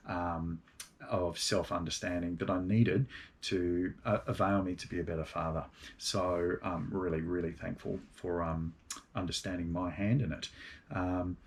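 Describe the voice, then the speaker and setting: A middle-aged man, a yoga teacher giving a casual, meandering talk full of ums and uhs. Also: fairly low pitch. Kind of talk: casual spoken talk on gratitude.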